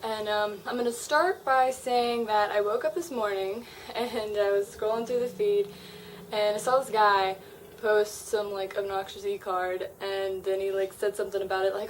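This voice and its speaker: A young woman vlogging to camera at home, reading her own angry online posts aloud and talking them over in a frank, swearing, animated way. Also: mid-range voice, moderate pace, a little hiss or hum, low-quality recording.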